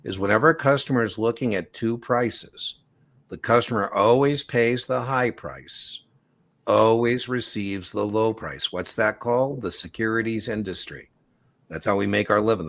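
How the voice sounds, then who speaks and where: A man's voice: fairly low pitch, normal speed, a bit bright. A man teaching an exam prep class in a casual, explanatory way, walking students through examples and analogies. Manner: casual explanatory, uses analogies and acted quotes.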